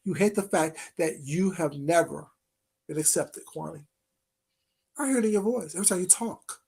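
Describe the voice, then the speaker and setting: A vlogger in a mid-pitched voice, neither high nor low, running a confrontational call-out rant. The delivery is taunting and sarcastic. Pet names are drawn out, and pointed rhetorical questions come one after another. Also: moderate pace, vocal fry, a little mellow, husky.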